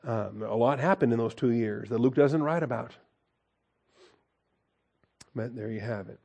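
Mellow-voiced man teaching Bible study. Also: mid-range voice, measured pace, creaky, husky, highs cut off. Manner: reads scripture aloud and comments with chuckles; folksy, conversational asides.

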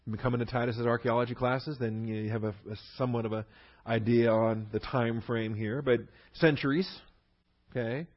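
A man's voice: medium pitch, steady tone, normal speed, dull audio. A man teaching through a Bible passage verse by verse, leaning hard on key words between fillers and restarts.

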